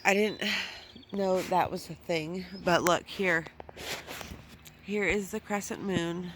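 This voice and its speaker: Woman, casual outdoor gardening vlog, slow-paced, faint yard noise behind. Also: fairly low pitch. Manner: chatty, swears when annoyed. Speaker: vlogger.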